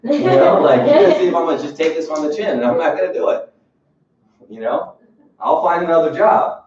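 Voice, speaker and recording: Guy giving a sales training talk, super animated, echoey room, mic kinda far off. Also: on the high side, a little fast. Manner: animated storyteller acting out bosses, laughing, street-talk swearing. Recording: roomy, distant, muffled room recording with background noise.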